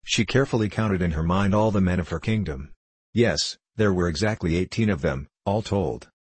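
A man narrating a children's fantasy book aloud in a steady storytelling manner. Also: low-pitched, moderate pace, breathy edge, dry recording. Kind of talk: audiobook narration.

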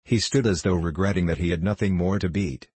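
A man reads a classic novel in a measured, steady way, his voice very low and husky. The recording is close and dry, with almost no room sound. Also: dry recording. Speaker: audiobook narrator. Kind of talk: scripted narration of a classic novel.

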